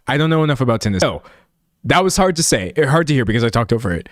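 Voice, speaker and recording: Animated young man, dry close sound. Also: mid-range voice, no room sound. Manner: animated, talks fast in bursts, emphatic. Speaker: podcaster reacting to clips. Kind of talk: casual reaction commentary.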